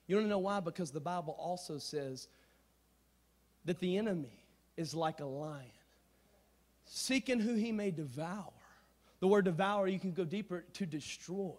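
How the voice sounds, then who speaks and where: A man preaching a storytelling sermon in slangy, casual talk, swinging from hushed asides to shouting. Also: sits high, moderate pace, pauses often. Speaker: youth preacher.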